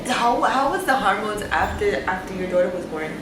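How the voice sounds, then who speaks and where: A woman's voice: medium pitch, lively intonation, fairly quick, noisy background. A young woman chatting casually and emphatically, often calling her friend "girl". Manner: emphatic, says "girl" a lot. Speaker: co-host. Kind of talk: casual chat. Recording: roomy sound with faint music.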